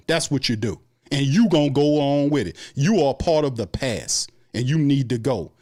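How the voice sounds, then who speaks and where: A man's voice: mid-range voice, expressive, normal speed, few pauses, darkish tone. A man hosting a sports show, delivering an angry, profane fan rant full of repeated complaints. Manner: angry, profane, repetitive ranting.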